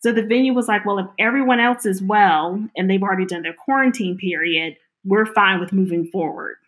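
Woman, middle-aged, interview storytelling, animated, voices quoted dialogue, mid pitch. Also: a little fast.

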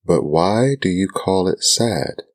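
A man voicing a curious, polite young girl in a whispered role-play, soft and earnest. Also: sits low, expressive, takes it slowly, no echo, studio quality, heavily acted.

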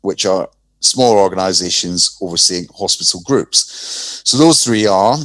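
A man's voice: low-pitched, unhurried, a bit bright, no room sound, rough recording. Man, podcast co-host, informative, hesitant fillers, dry close audio. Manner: informative, with frequent ums and restarts. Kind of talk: casual explanatory chat.

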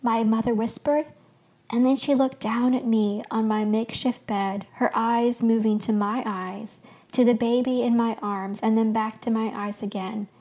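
A woman hosting a podcast, reading a fictional first-person story aloud with expressive storytelling. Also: on the high side, normal speed. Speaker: podcast host.

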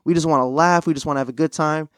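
A young man with a slightly raised voice hosts a casual podcast chat. He tells stories in an animated way, stumbling over fillers and restarts. His voice is close and dry, with no room sound. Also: fairly high pitch, racing, clean tone, dry recording. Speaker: podcast host.

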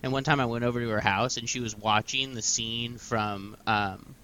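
A man, a comedian guest on a podcast, telling stories with wry, deadpan asides. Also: medium pitch, normal speed, a little hiss or hum. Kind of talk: casual comedic storytelling.

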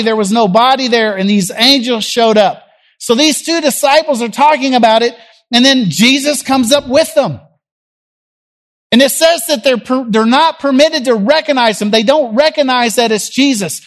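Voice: medium pitch, normal speed. A preacher from Tennessee, giving a sermon as a conversational story and acting out the people in it. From Jackson, Tennessee.

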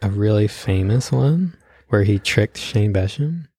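A man in casual podcast chat, his voice swinging widely in pitch as he tells animated stories and laughs often. The sound is dry and close, with no room around it. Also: measured pace, slightly rough, dry recording. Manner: laughs often, animated storytelling with acted quotes. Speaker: podcast host.

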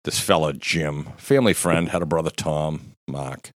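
A man's voice: very deep voice, normal speed, dry recording, studio quality. A man in his fifties telling a rowdy, profane story in casual chat, laughing as he goes. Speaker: guest storyteller.

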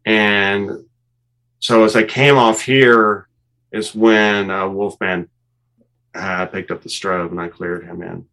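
A man, a former fighter pilot, calmly explaining cockpit footage step by step and laughing at himself now and then. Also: fairly low pitch, slow pace, vocal fry, low-quality recording. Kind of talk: walking through cockpit footage.

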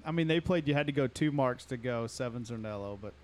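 A man's voice: medium pitch, quick pace. A man co-hosting a casual podcast, chatting in a dry, joking way. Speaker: podcast co-host. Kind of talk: casual chat.

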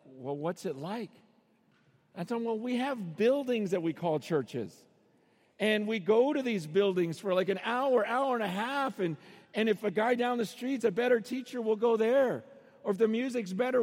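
A middle-aged man with a high voice preaches a sermon in an arena. He tells stories and acts out the voices of the people in them, now and then rising to a shout. His words ring out with the long echo of a big hall. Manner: storytelling, acting out voices with sudden shouts. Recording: long reverb of a large arena.

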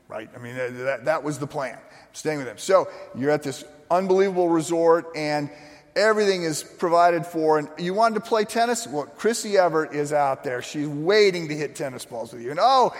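A man's voice: fairly high pitch, normal speed. A man preaching a sermon, telling a story in a loose, conversational way and acting out the people he quotes. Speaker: pastor. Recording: long hall reverb.

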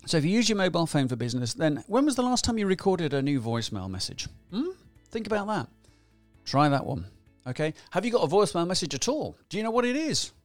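A man giving a chatty, energetic motivational business talk, firing rhetorical questions and acting out examples. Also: sits high, quick pace, no room sound, soft background music. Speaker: business trainer.

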